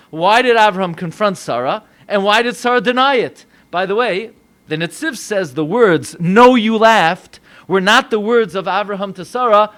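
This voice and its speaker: An American man, a rabbi, preaching a sermon with animated delivery, acting out voices in dialogue. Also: sits high. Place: synagogue.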